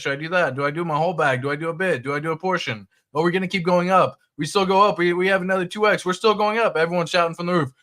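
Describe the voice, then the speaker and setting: Man, mid pitch, relaxed livestream host who reads chat and cusses casually. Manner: loose and conversational, swears, reads viewer chat.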